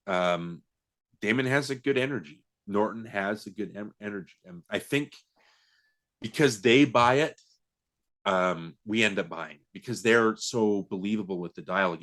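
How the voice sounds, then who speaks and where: A man's voice: lowish voice, moderate pace, a bit bright. A man co-hosting a podcast, chatting casually about a film with many fillers, restarts and laughs. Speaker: podcast co-host. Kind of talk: casual movie chat.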